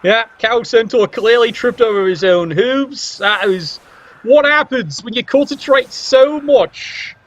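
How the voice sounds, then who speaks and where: A man's voice: very high-pitched, unhurried, a bit bright. Wry man calling a tabletop sports game. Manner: wry, joking, playfully biased. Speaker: game commentator. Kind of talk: casual play-by-play commentary. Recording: dull lo-fi recording.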